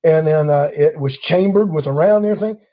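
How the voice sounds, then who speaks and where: Male host, lively storyteller, slightly high voice, muffled lo-fi sound. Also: fast. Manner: animated storyteller acting out quoted officers. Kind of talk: casual storytelling chat.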